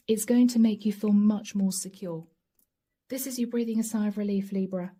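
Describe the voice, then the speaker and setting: Mellow-voiced woman giving a tarot reading. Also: medium pitch. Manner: gentle, encouraging, addresses viewers directly; often breaks into light laughs and soft asides. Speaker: tarot reader. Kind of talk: channeled tarot reading to camera.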